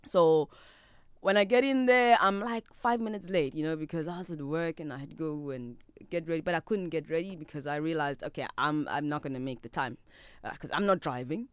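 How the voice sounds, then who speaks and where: Lively South African woman telling a story. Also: low voice, a little fast, clean tone, no echo. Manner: lively, acts out quoted voices, laughs often, code-switches. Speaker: podcast guest. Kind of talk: animated storytelling, casual chat.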